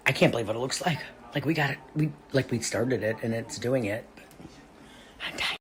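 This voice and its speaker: A woman's voice: rumbling low, normal speed, a little hiss or hum. A middle-aged woman hosting her own vlog in a casual, rambling, chatty way, often interrupting herself. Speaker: vlog host. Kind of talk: casual chat.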